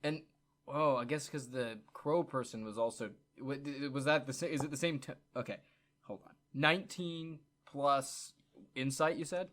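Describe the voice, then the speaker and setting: A man's voice: medium pitch, normal speed, a bit bright. A young man playing a tabletop game, hesitant with many restarts, at times speaking in character. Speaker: player. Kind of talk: tabletop role-play.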